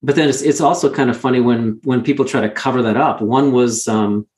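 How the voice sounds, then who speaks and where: A man's voice: mid-range voice, steady tone, a little fast, a little mellow, reverberant. A male guest telling candid stories in an earnest, emphatic way, often restarting his words. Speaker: guest, mountain guide. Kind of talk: candid conversational storytelling.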